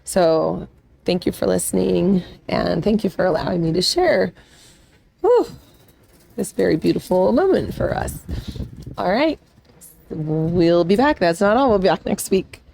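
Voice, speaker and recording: A woman in her forties with vocal fry running through her voice, sharing a family story as a podcast host. She rambles with fillers and restarts, and her voice keeps catching as if she is about to cry. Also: on the low side, big pitch swings, unhurried, pauses often, mellow. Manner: emotional, close to tears, rambling with fillers. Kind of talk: casual personal storytelling.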